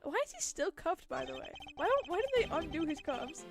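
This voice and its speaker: Giggly high-voiced woman streamer. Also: big pitch swings, brisk, gravelly, hardly any pauses. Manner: giggly, chatty, thinking aloud. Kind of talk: casual live game commentary. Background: game music.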